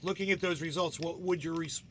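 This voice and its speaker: A man's voice: fairly high pitch, steady tone, fairly quick, a bit bright, slight background noise. Rambling, profane man hosting a livestream. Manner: rambling, profane, keeps asking "right?". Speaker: livestream host. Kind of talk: casual live commentary.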